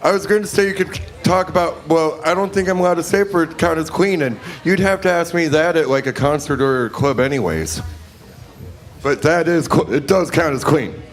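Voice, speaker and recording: A man's voice: on the high side, fairly quick, faint music behind. A man doing a rambling, self-mocking stand-up set. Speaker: stand-up comic. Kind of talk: stand-up routine.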